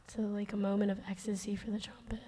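A woman's voice: medium pitch, completely flat delivery, fast, dark tone. A woman co-hosting a podcast, talking about music in a chatty, enthusiastic way and laughing easily. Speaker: podcast co-host. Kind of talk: casual music discussion.

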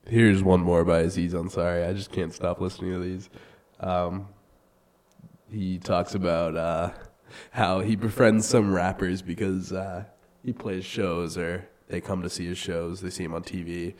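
Low flat-voiced man introducing clips. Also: measured pace. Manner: relaxed, hesitant with fillers. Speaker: podcast host introducing clips. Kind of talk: casual introduction.

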